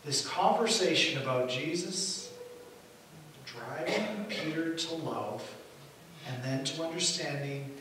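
Male pastor, sermon, lively storytelling, echoey church hall, mic far off, faint hiss. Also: on the high side, slow pace. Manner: animated storytelling, acts out quotes.

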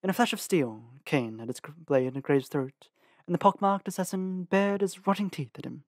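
Expressive male audiobook reader. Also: normal speed, no echo, clean studio sound. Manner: expressive reading, lively shifts in pitch. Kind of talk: audiobook narration.

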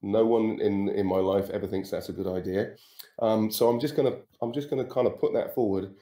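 A man's voice: on the low side, fairly even intonation, a little fast, dark tone, echoey room. A middle-aged man, an actor answering fan questions in a casual virtual Q&A, rambling and hesitant with many ums and self-deprecating asides. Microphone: video call.

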